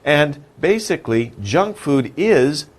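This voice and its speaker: A man's voice: fairly high pitch, sing-song, slow pace. A man teaching an English vocabulary lesson, patiently repeating words and asking questions before answering them himself. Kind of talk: slow, animated vocabulary lesson.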